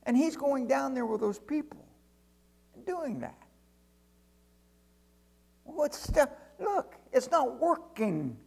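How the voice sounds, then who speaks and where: Sermon aside: a preacher doing a stammering, incredulous angel, pitched high, gravelly edge. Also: male voice, sing-song, slow pace, long pauses, a little mellow, exaggerated voice. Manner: exclaiming, stammering in disbelief. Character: bewildered incredulous male angel in heaven.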